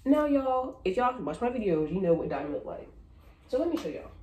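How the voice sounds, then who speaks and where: A woman vlogger telling a story in a casual, animated way, speaking straight to her viewers in slangy everyday talk. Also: a little high, brisk. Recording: roomy echo.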